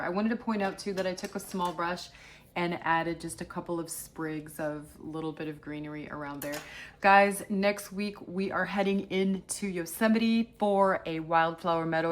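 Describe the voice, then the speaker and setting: A middle-aged woman teaching watercolor explains each step of her painting to viewers in a low voice. Chatty and encouraging, she keeps calling them "guys" as she works.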